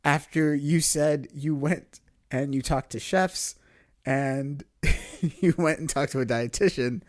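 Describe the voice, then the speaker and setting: A man's voice: a little high, slow pace. A man quoting his embarrassed girlfriend in a slightly raised, nervous voice. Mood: sheepish. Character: embarrassed young woman girlfriend, sheepish.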